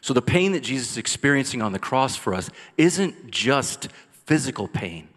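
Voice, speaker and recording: A man preaching a sermon as pastor, rising to intense cries and dropping to soft, quiet lines. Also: medium pitch, big pitch swings, normal speed. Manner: passionate preaching, builds to loud cries then drops soft. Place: church sanctuary. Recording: long church hall reverb.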